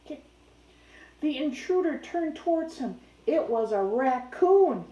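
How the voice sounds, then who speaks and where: A woman's voice: high voice, lively intonation, measured pace, mellow, echoey room, muffled recording. A young woman reading a children's picture book aloud, who keeps breaking off to chat playfully with her dog.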